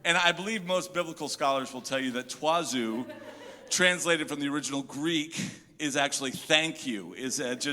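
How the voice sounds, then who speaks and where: Bright-voiced pastor preaching in an echoey hall. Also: male voice, a little high. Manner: animated storyteller, jokey asides. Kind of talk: sermon with humorous storytelling. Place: church hall.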